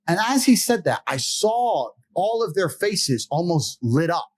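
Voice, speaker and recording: Man, interview guest, high-pitched, very animated delivery, profane, boastful storytelling. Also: measured pace, slightly rough. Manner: animated, laughs mid-story. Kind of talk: casual storytelling in a podcast interview.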